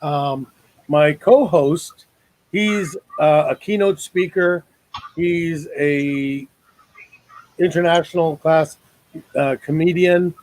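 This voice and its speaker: A man's voice: on the high side, takes it slowly, pauses often, a little mellow, dry recording, poor audio. A man hosting a casual online talk show over a video call, joking and rambling with lots of fillers.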